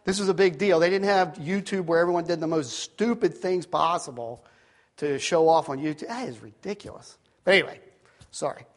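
A man in his fifties preaching a sermon, telling a story with self-deprecating asides and swinging from shouts to near-whispers. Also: a little high, a little fast. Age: 50s. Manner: animated storytelling, rising to shouts at peaks, dropping to near-whispers. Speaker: pastor.

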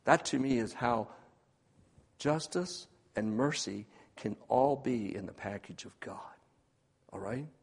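Emphatic preacher with a hall echo. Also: male voice, medium pitch, expressive, slow, husky. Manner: swings from hushed to loud, emphatic preaching. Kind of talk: sermon.

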